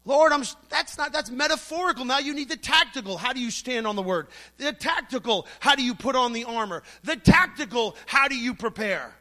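A man's voice: extremely high pitch, lively intonation, a little fast, bright, forceful tone. A middle-aged man preaching a sermon, emphatic and storytelling, acting out the voices he quotes.

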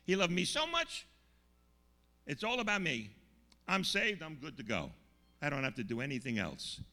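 A man preaching a sermon with emphasis, slowing down to stress key words and checking in with his listeners with questions. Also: a little high, very animated, bright, forceful tone, big-room sound, soft background music.

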